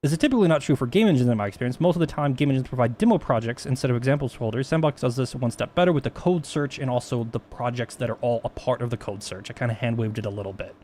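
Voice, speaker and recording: A man's voice: medium pitch, racing, few pauses, a little mellow, a little hiss or hum. A man talking casually on a stream, rambling with many restarts and plenty of swearing.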